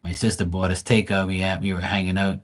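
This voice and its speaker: A man's voice: low voice, little pitch movement, fast talker. A man hosting a live tarot stream, talking casually and bluntly with plenty of swearing, and greeting chat viewers by name. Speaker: livestream tarot reader.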